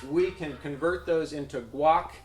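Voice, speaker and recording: A man improvising a comic business pitch, hesitant and full of fillers, often chuckling at himself. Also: measured pace. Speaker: pitch presenter. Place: event room. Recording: echoey room with background noise.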